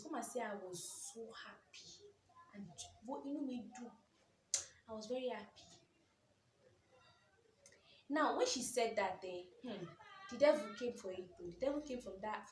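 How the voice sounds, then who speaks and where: A woman's voice: on the high side, echoey room, slight background noise. A young Nigerian woman in her twenties telling an emotional personal story in a vlog, with lots of repetition. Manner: emotional, animated storytelling with repeated phrases. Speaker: vlogger.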